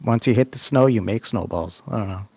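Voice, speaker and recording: A man's voice: fairly low pitch, a little fast, gravelly, dark tone, husky, no room sound. A man playing in a tabletop game, joking and laughing as he talks. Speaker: player. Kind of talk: casual tabletop game chat.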